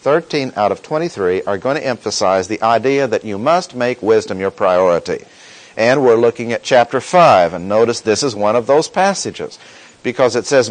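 Man preaching with lively pitch. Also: rough recording. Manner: measured preaching with emphatic quoted verses; asks the congregation questions. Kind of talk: sermon.

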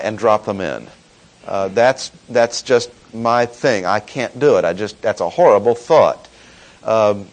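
A man delivers a Bible-teaching sermon with a measured, emphatic delivery. His pitch moves freely up and down as he leans on key words, slowing right down for stress. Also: poor audio. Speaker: preacher. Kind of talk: expository sermon.

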